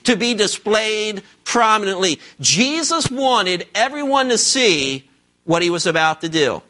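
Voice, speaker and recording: High, bright-voiced preaching man. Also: expressive, unhurried. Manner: emphatic preaching with rhetorical questions to the congregation. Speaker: pastor. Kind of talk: sermon. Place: church service before a congregation.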